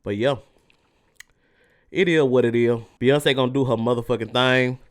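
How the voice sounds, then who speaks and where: On his own podcast, a man vents with fiery, swear-filled energy as his mouth burns from something spicy. The recording is clean studio sound with no room tone, and his mid-range voice stays fairly even at normal speed.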